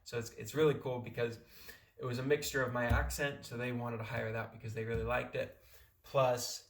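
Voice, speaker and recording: Young man, American accent, rambling casual advice, gravelly, echoey room. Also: mid-range voice, level tone, fairly quick. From California. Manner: rambling, many restarts and fillers. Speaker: vlogger.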